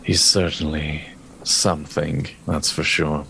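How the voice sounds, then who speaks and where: A man's voice: extremely low pitch, flat delivery, takes it slowly, creaky, a bit bright, a little hiss or hum, rough recording. A man playing a tabletop game in character, dry and wry. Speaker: player.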